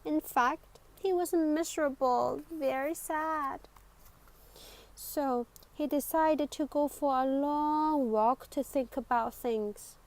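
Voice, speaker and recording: A woman reading a children's picture book aloud in an expressive way, with dramatic whispers and exclamations. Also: high-pitched, takes it slowly, rough recording. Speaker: storybook reader.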